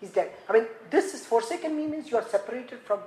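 A woman preaching a sermon, swinging dramatically from hushed tones to shouting. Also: fairly high pitch, expressive, fast talker. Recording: echoey room, faint ambient noise.

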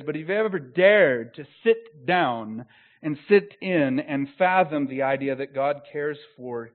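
A man preaching a sermon as a pastor, swinging from soft, close, earnest phrases to loud, slowed, emphatic proclamation. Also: fairly high pitch. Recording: tinny phone-like sound.

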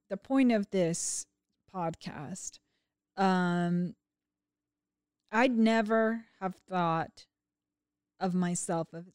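Woman cohost, slow thoughtful talk, lots of ums, smooth clear voice. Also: mid-range voice, no echo, studio quality. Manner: reflective and measured, with frequent fillers. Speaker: podcast co-host. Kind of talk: casual chat.

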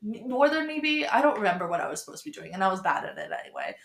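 A woman's voice: medium pitch, wildly swooping pitch, rapid-fire, vocal fry, a bit bright. Bubbly young woman host, echoey room. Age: young adult. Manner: bubbly, giggly, lots of fillers. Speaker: podcast host. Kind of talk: casual chat. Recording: roomy echo.

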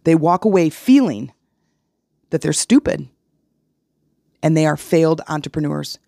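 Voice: medium pitch, normal speed, gravelly, pauses often, no echo, clean studio sound. A podcast host talking solo, casual and frank, telling stories with analogies. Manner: animated storytelling with analogies.

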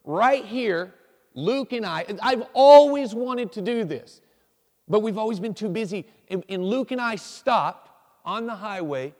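A man's voice: high voice, lively intonation, measured pace, a little mellow. A man in his forties preaching a casual, folksy sermon to his congregation, self-deprecating and prone to restarts. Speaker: pastor. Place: church sanctuary. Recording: long hall reverb.

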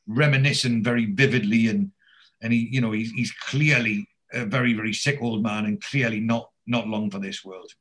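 A man's voice: lowish voice, fairly even intonation, normal speed, fairly bright tone. Rambling man recapping a show. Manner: rambling, many restarts and fillers. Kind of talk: casual recap of a TV episode.

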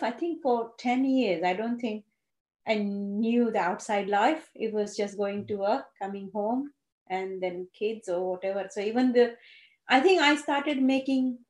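A woman, a Gujarati speaker who tells her life story haltingly, with many fillers and restarts. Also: mid-range voice, a little mellow. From India (Gujarat). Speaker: interviewee. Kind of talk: personal storytelling. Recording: roomy echo.

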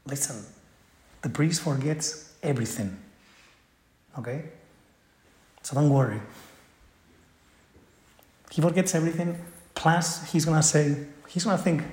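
A man with a somewhat high voice gives an earnest, conversational spiritual talk. He keeps checking in with his listeners as he makes his points, and his voice rings in a roomy, echoing space. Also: darkish tone. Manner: earnest, tags points with "right?". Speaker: spiritual speaker. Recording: echoey room.

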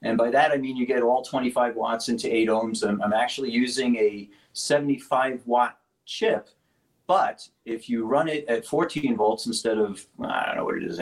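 A man's voice: mid-range voice, steady tone, normal speed, rough recording. A man, a speaker company founder, talking casually in an interview, rambling with restarts and technical detail.

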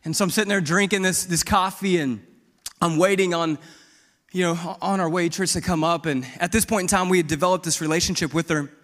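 A man's voice: high-pitched, steady tone, brisk, a bit bright, long reverb tail. A pastor from Missouri preaching a sermon, telling his testimony in a bold, outspoken, conversational way.

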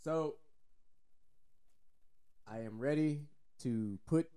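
A man's voice: medium pitch, very slow, dark tone, clear, resonant tone. A Texan man co-hosting a casual sports podcast, loose and joking, swearing freely. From Texas. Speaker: podcast co-host.

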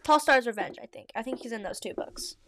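A woman's voice: fairly high pitch, brisk, fairly bright tone, slight background noise. A woman reading her old story aloud and stopping to comment, giggly and full of likes and ums. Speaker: fanfiction reader and podcaster.

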